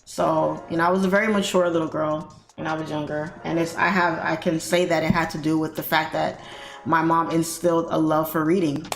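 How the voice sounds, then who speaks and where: A young adult woman hosting a live trading stream in a casual, animated, chatty way, reading viewer comments aloud. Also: low voice, a little fast, vocal fry. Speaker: trading livestream host. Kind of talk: casual livestream chat while trading. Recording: roomy echo with faint music behind.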